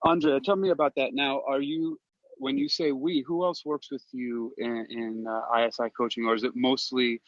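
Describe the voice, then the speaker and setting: A man hosting a casual interview, asking halting questions in a playful way. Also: mid-range voice, fairly bright tone. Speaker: interview host. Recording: dull, dry lo-fi sound.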